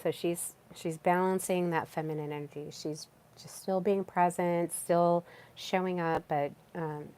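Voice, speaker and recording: A woman's voice: lowish voice, steady tone, measured pace, darkish tone. A young woman hosting a solo podcast, talking casually and chattily, with fillers and repeated words. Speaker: podcast host.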